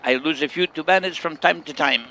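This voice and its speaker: An earnest, businesslike caravan merchant in a game, voiced by a man. He speaks in a clumsy, put-on accent, pitched higher than the performer's own voice, with a bright, gravelly edge. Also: animated, very fast, a little hiss or hum, exaggerated voice.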